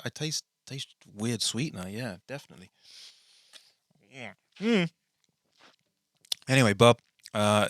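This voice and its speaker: A man with a fairly low, sharp-toned voice hosts his own podcast from a small bedroom studio, with no room sound audible. He rambles and mocks himself in a casual solo intro, chatting to the camera.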